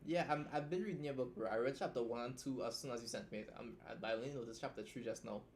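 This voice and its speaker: A young man with a Trinidadian accent chats on his own livestream, blunt and joking, with casual swearing and quick asides. His voice sits at an ordinary middle pitch, with a faint hum of room sound behind him. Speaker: livestream host and writer. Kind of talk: casual livestream chat, reacting and reading a story aloud.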